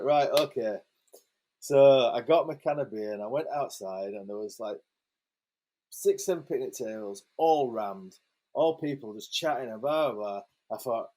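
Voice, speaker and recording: A man, a photographer guest telling a lively, sweary anecdote in a casual interview and acting out the quotes. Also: medium pitch, moderate pace.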